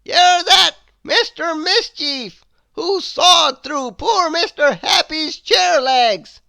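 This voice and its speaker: A woman voicing a stern old male wizard in a storybook read-aloud, slow and scolding. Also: very high-pitched, creaky, pushed and bright, dry recording, pitched above the performer's own voice, heavily acted. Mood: accusing.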